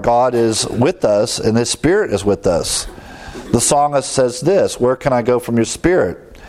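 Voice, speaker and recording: A man's voice: mid-range voice, a little mellow. A man preaching a Bible teaching sermon, explaining scripture in a conversational way with fillers and asides.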